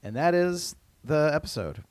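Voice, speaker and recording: A man's voice: a little high, big pitch swings, moderate pace, darkish tone, clear, resonant tone, no echo. A man co-hosting a podcast, chatting casually as he recaps a TV episode, with lots of "um" and "uh" and restarts. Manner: rambling with many fillers and restarts. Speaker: podcast co-host.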